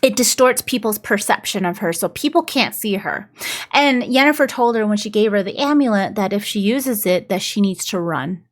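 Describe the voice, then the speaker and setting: A woman's voice: medium pitch, animated, normal speed. A woman casually recapping a book's plot, talking in a loose, chatty way with lots of "like" fillers. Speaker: book reviewer.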